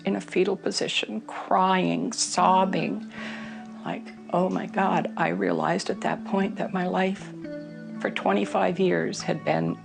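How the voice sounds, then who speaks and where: A woman's voice: lowish voice, gravelly. A middle-aged woman telling her personal recovery story in an interview, candid and emotional, with many fillers.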